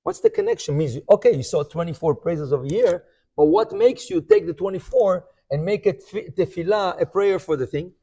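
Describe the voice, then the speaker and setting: A man's voice: high-pitched, very animated, normal speed, dark tone, breathy edge. A man giving a Talmud class as a rabbi, telling the story animatedly, acting out the quoted voices and checking in with "right?".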